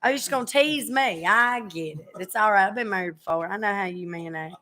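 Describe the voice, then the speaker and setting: A woman's voice: mid-range voice, a little fast, bright, forceful tone. A woman in her thirties hosting a casual podcast chat, chatty and teasing, with a drawl and frequent fillers. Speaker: podcast host.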